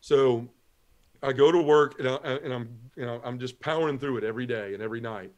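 Appearing as a guest on a talk show, a man gives a personal testimony, recounting his conversion and acting out the dialogue along the way. His voice is mid-range and a little fast.

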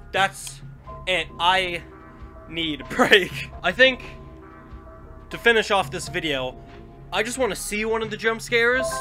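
A man with a stuffy nose commentating a horror game as he plays, jumpy and quick to yell back at the enemies. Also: high-pitched. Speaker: gaming YouTuber. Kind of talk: horror let's-play commentary.

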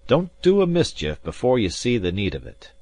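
A man's voice: medium pitch, wildly swooping pitch, normal speed, mellow, pitched above the performer's own voice. A man voicing a guarded, shrewd merchant ship captain in an audiobook, speaking with a raised voice. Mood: warning.

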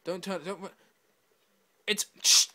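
A man's voice: high voice, fairly even intonation, slow, pushed and bright. A man giving brash, swearing commentary over his own gameplay, talking to himself and taunting other players. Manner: brash, swearing trash talk. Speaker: gamer.

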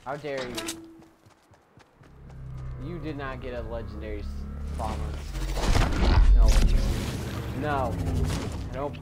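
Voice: mid-range voice, takes it slowly, long pauses, over loud music. A gamer chatting casually with a partner during play, joking around and breaking into laughter and sudden squeals. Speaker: gamer playing with a duo partner. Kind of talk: casual let's-play chat.

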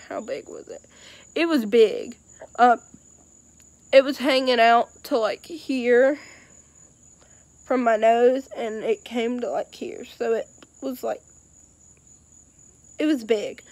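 A woman's voice: fairly high pitch, slow pace, long pauses, a little mellow, no room sound. A young woman telling a personal story in a casual, rambling way with many fillers and hesitations.

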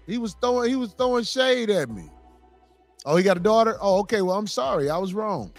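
A man's voice: sits high, sing-song, brisk, soft background music. A man on a podcast panel, teasing and mock-pleading in loose joking banter.

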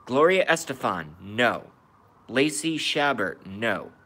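A man hosting a casual livestream, reacting bluntly to viewers' chat and swearing freely, swinging between loud outbursts and quiet muttering. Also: medium pitch, sing-song, slow. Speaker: livestream host.

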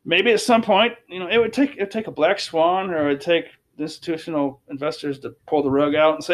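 A man's voice: fairly high pitch, steady tone, a little fast, few pauses. Emphatic man talking crypto charts. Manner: emphatic, repetitive, restarts phrases. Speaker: crypto commentator. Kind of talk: casual chart commentary.

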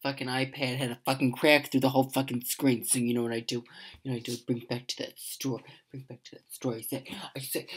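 A woman rambling through a comedic vlog monologue, repeating herself, swearing and often dropping to a hushed half-whisper, recorded at home on a computer's built-in mic. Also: rumbling low, little pitch movement, fast talker, breathy edge. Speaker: comedic vlogger playing a mother. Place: home, indoors.

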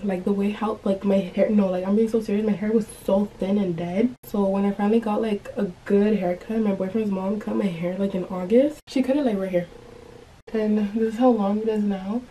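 A woman's voice: medium pitch, mellow, a little hiss or hum, poor audio. A young woman vlogging to her phone camera in her bedroom, rambling and chatty with lots of "like", a little stuffy from allergies. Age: young adult. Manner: rambling, chatty, heavy use of "like". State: stuffy from allergies and a runny nose. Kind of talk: casual vlog chat to camera. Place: bedroom at home.

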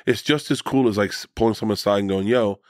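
A man telling stories as a comedian guest on a podcast, animated and profane, often jumping into high excited voices for the people he quotes. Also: very fast, no room sound, clean studio sound. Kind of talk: casual storytelling conversation.

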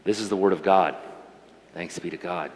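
A middle-aged man preaching a sermon as pastor, talking to the congregation in a warm, conversational and emotional way. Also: sits low, normal speed, a little hiss or hum. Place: church sanctuary. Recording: reverberant church hall.

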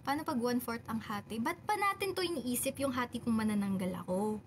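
A woman's voice: a little high, expressive, fast talker, a little hiss or hum. A young woman with a Filipino accent, chatting casually on a livestream, reading viewer comments aloud and answering them with frequent laughter. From Philippines. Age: young adult. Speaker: idol group member on a livestream. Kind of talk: casual livestream chat, mixing English and Filipino.

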